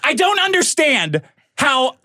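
With a very high voice that takes things slowly, this sardonic podcast host in his forties swears a lot while animatedly telling stories in casual chat. The sound is studio quality, with no echo.

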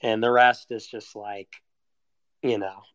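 A man's voice: lowish voice, little pitch movement, takes it slowly, fairly bright tone, smooth, no room sound, studio quality. A young man in a casual confessional monologue, rambling and self-deprecating, with frequent swearing. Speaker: vlogger.

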